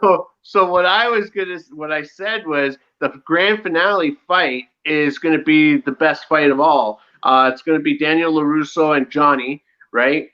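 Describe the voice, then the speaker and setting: A man co-hosting a casual live show chat, talking excitedly and acting out scenes as he goes. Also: a little high, moderate pace, few pauses, lo-fi sound. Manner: excitable, reenacts scenes with loud impressions. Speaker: show co-host.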